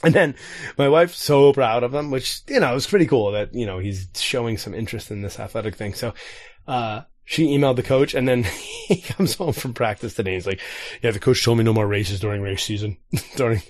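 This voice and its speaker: A man's voice: mid-range voice, a little fast, no room sound, clean studio sound. Rambling man telling family stories. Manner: rambling storyteller, acts out quotes. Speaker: podcast co-host. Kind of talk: casual chat.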